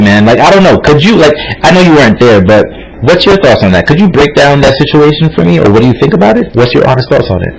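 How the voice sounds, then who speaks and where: A man's voice: a little high, sing-song, fast, vocal fry, hardly any pauses, poor audio. A man co-hosting a podcast, telling a long personal story in a rambling casual way with many fillers and restarts. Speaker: podcast co-host.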